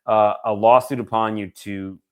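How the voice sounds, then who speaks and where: A man's voice: fairly low pitch, steady tone, moderate pace, smooth. A man co-hosting a casual podcast about his team, rambling and joking with his co-host and swearing freely. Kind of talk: casual chat.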